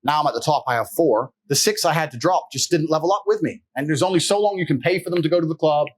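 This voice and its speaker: This podcast guest's voice sits on the high side and moves at a quick pace. In a relaxed storytelling chat, he brags through profane, brash anecdotes and laughs a lot.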